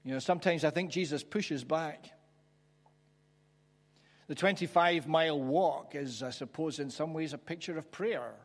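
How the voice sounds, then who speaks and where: A man preaching a sermon, reflective and conversational, pausing for emphasis. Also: a little high. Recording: church hall with long reverb.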